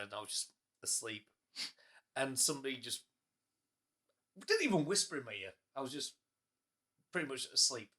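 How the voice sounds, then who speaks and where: A young man hosts a relaxed podcast chat. His voice is bright and bouncy, and it rises and falls a lot as he teases his guest. He laughs often. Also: mid-range voice. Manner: laughs often, playful and teasing. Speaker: podcast host. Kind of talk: casual chat.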